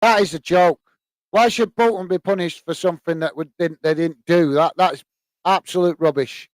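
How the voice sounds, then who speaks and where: A slightly high, steady male voice at a normal pace, recorded dry. He's an English host running a live football watch-along stream, chatting with viewers and giving loose play-by-play full of fillers. He's chatty and breaks into shouts whenever a goal goes in.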